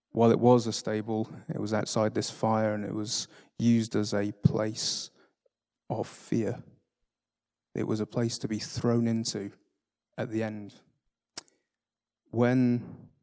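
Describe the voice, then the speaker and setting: A man reading a story aloud to a community, with halting, relaxed asides full of fillers. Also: on the low side, creaky.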